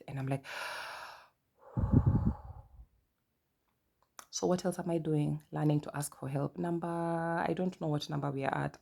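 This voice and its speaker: Kenyan woman, low voice, chatty monologue. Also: gravelly. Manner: chatty, animated storytelling with asides and quoted dialogue. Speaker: podcast host. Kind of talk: casual personal monologue.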